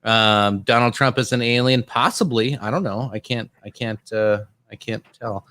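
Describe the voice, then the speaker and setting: A man hosting a casual podcast, reading out viewer comments in a halting way full of ums. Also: medium pitch, steady tone, sharp tone. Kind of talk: casual chat.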